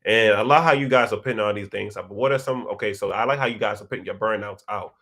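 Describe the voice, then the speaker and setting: A young man hosting a live chat, reading viewer comments and telling stories in a slangy, animated way. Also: fast talker. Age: young adult. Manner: animated, slangy storytelling with big pitch jumps. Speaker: host of a live chat session.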